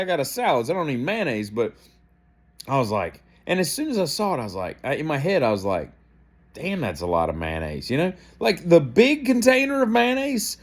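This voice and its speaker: A man, hosting a daily show, telling a rambling, self-deprecating story with dry asides. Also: medium pitch. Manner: animated, self-deprecating, acts out gestures and inner thoughts.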